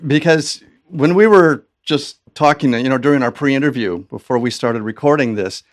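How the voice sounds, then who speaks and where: A man hosts an interview in a friendly, halting manner. His voice sits at an average pitch. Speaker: interview host. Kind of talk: casual interview.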